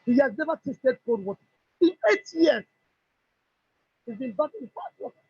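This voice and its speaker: A middle-aged woman with a Nigerian English accent speaks at a moderate pace in a high-pitched voice with a breathy edge, giving a customer's emotional product testimony. She animatedly acts out others' dialogue. The dull lo-fi recording has no echo.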